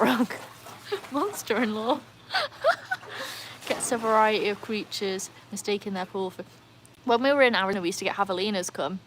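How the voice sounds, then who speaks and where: A woman chats excitedly through a casual livestream, reading and answering comments as she goes. Her voice sits in a middle register. A faint outdoor hum lies underneath. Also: medium pitch. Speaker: livestream host. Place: outdoors by a backyard pool. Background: faint outdoor ambience, dogs.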